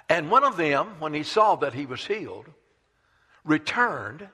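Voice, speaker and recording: Slow, dramatic male preacher in a reverberant hall. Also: fairly high pitch, big pitch swings, slightly rough. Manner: dramatic preaching, swinging from loud declarations to hushed asides. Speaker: pastor. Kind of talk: sermon. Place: church sanctuary.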